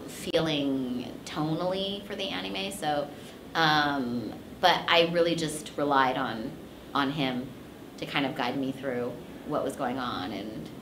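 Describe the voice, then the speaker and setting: A woman's voice: low-pitched, background noise. Chatty woman telling a story in an echoey room. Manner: chatty, many "like" fillers, laughing asides. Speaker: voice actress guest. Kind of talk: casual interview storytelling. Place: convention interview room.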